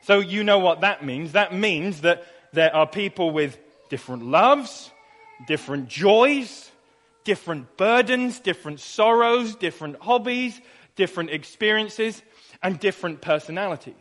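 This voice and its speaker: A man's voice: sits high, animated, measured pace, fairly bright tone. A young man preaching a sermon in a conversational way, asking rhetorical questions and repeating phrases for emphasis. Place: church. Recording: long reverb of a church hall.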